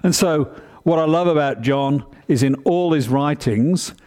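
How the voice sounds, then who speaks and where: Man, preacher, sermon, earnest, explanatory, slightly high voice, deliberate emphasis. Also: darkish tone.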